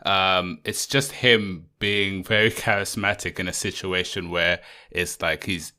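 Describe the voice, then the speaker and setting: Low, bright-voiced man chatting casually. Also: steady tone, measured pace. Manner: rambling, many fillers and restarts. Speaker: podcast co-host. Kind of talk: casual chat.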